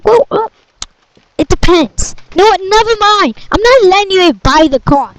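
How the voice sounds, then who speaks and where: High-voiced woman acting out a chaotic story. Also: expressive, measured pace, low-quality recording. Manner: dramatic shouting and playful voices. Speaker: storyteller voicing all parts. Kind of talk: improvised game story role-play.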